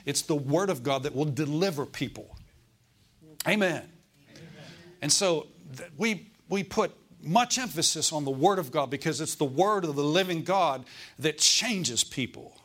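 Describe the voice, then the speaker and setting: A man's voice: a little high, animated, moderate pace, a bit bright. A middle-aged man preaching a sermon, repeating phrases for emphasis and asking his listeners for amens.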